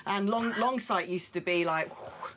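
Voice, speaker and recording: A woman's voice: mid-range voice, expressive, fast, fairly bright tone, slight background noise. A woman hosting a radio talk show, chatting with callers and teasing her co-host. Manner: teasing, exasperated. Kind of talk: casual chat with callers.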